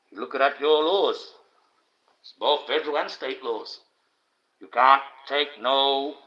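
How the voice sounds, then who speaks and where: A man's voice: mid-range voice, pushed and bright. An Australian man hosting a livestream, delivering a blunt, profane, indignant rant. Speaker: livestream host. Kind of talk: ranting livestream monologue. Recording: dull lo-fi stream audio.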